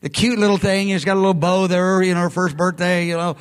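A man's voice: high-pitched, fairly even intonation, fast, clear, resonant tone. A man preaching a sermon in a conversational, emphatic way, often breaking off and restarting his sentences. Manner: conversational, emphatic, self-interrupting. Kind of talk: sermon teaching.

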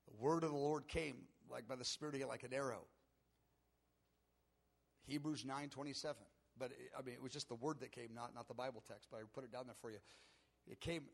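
A man's voice: medium pitch, fairly even intonation, a little fast, vocal fry. A middle-aged man preaching a sermon, telling a personal story with earnest emotion that builds in intensity. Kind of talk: sermon testimony.

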